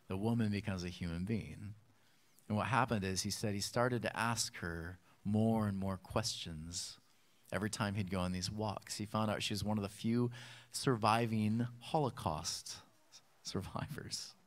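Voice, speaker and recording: A man preaching a sermon, telling a story and acting out its voices with lively bursts. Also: lowish voice. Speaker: pastor.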